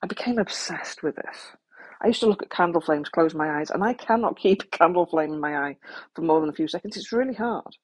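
A woman's voice: lowish voice, animated, a little fast, slightly rough. A woman speaking frankly and practically to the listener about coping with trauma, with some self-deprecating asides. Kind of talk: candid talk to the listener.

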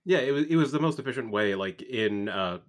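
A man's voice: mid-range voice, lively intonation. Wry young man, easygoing joker. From Canada. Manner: wry, joking, halting restarts. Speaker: podcast co-host. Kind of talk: casual chat.

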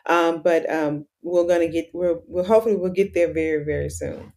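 A woman's voice: fairly low pitch, fairly even intonation, fairly quick, a little mellow. A middle-aged woman, a pharmacist and educator, explaining things earnestly in a casual interview with many fillers. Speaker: pharmacist and menopause educator, guest.

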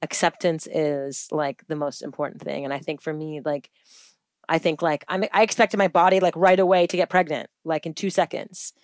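A woman's voice: low voice, moderate pace, dry recording, clean studio sound. A woman in her thirties, a guest chatting casually in an interview, full of "like" fillers and acting out the voices of others in her stories. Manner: chatty, many "like" fillers, acts out quotes in lively voices.

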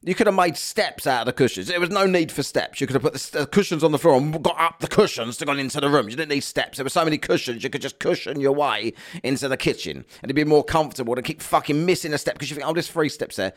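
A man's voice: on the high side, fast, few pauses. A man telling a comic, sweary rant about a holiday trip, exasperated and mocking. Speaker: vlogger.

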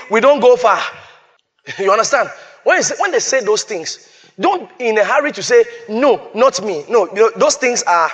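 A male preacher with a fairly high voice. He drives points home by repeating lines and quoting scripture. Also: a bit bright. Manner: emphatic, repeats phrases, quotes scripture. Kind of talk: sermon.

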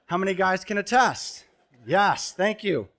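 A man in his thirties preaches from a church stage in a fairly high voice. He tells stories with a joking touch and breaks into sudden loud bursts. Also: animated, a little slow. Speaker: pastor. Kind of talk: sermon with storytelling. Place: church stage before a congregation.

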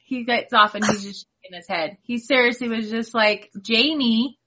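Bright slightly high woman jumping in w her side of the story. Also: steady tone, moderate pace, slight background noise. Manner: chimes in with her own memories. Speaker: sister of the storyteller. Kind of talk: casual chat.

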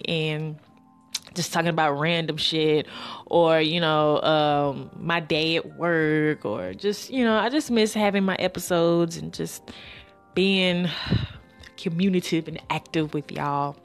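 A woman hosting her own podcast, talking in a casual, rambling way with slang, sighs and pauses. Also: fairly low pitch. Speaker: podcast host. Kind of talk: casual solo podcast monologue.

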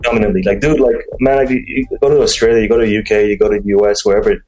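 A man's voice: fairly low pitch, steady tone, racing, darkish tone, soft background music, poor audio. A man talking casually in a podcast chat, rambling with many restarts, fillers and slang. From mixed English and Chinese, raised abroad.

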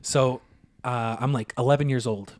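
A man's voice: mid-range voice, fairly even intonation, normal speed, a little mellow. A man co-hosting a podcast, telling stories in casual chat, swearing freely and laughing as he goes. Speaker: podcast co-host.

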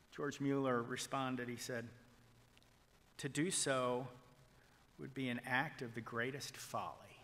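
A male pastor preaching a sermon, swinging from loud proclamation to hushed whispers as he retells a story and quotes people in it. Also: mid-range voice, long reverb tail. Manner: quotes figures in a retold story.

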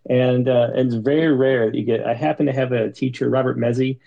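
Gravelly man musing on a call. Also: mid-range voice, steady tone, a little fast, mellow, dull audio. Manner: thoughtful, rambling with restarts. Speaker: podcast co-host. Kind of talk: casual discussion.

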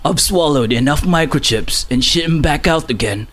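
A man putting on a Cockney accent to play a boastful, hard-boiled male spy, bragging slowly and deadpan. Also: on the high side. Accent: Cockney, as put on.

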